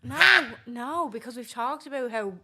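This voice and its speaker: A woman's voice: high-pitched, expressive, a little slow, pushed and bright. Blunt, sweary Irish woman. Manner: blunt and sweary, trails off mid-thought. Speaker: podcast co-host. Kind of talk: casual chat.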